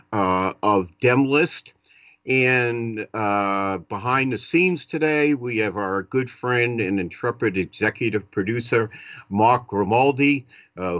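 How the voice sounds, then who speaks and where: A man's voice: mid-range voice, a bit bright, no echo. Boston-accented male radio talk host. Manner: chatty, self-deprecating, many "uh" fillers. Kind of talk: live talk radio hosting.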